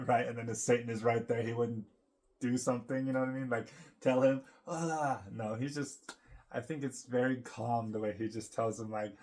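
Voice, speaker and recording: A man's voice: mid-range voice, little pitch movement, moderate pace, darkish tone. Chatty man musing aloud to camera. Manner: meandering, full of fillers, laughs often. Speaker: vlogger. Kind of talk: casual rambling monologue to camera.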